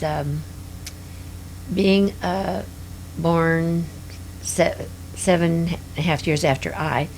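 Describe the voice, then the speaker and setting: An older woman speaks in a low voice with a gravelly edge. She drifts from story to story, stopping often with hesitant fillers as she reminisces in an interview. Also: slight background noise. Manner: rambling, hesitant, many fillers.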